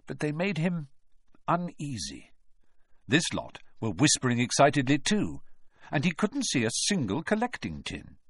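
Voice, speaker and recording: A man reading a storybook aloud as narrator, expressive, shifting his voice to follow the story. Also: medium pitch, husky, dry recording, studio quality.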